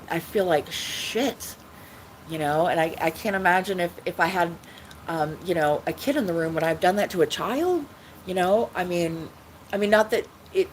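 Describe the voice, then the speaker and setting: A woman's voice: fairly low pitch, slight background noise, poor audio. A woman talking casually on her own livestream, rambling with many restarts and frequent swearing. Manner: rambling, repetitive, swearing often. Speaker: livestream host.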